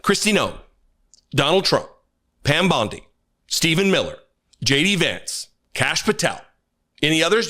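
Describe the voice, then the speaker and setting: A man's voice: fairly high pitch, sing-song, normal speed, bright, forceful tone. A man hosting political commentary, talking in a sarcastic, mocking way. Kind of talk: casual commentary.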